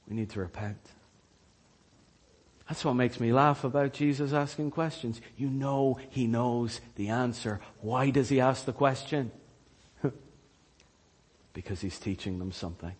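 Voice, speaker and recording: A man preaching a sermon, telling Bible stories with animated, rising energy at the dramatic parts. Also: unhurried. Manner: animated storytelling, rising in pitch and volume at dramatic retellings. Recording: long hall reverb.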